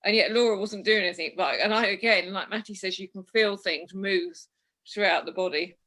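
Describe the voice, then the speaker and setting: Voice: medium pitch, fairly quick, sharp tone. Speaker recounting experiences hesitantly. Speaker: group participant. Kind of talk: casual group chat.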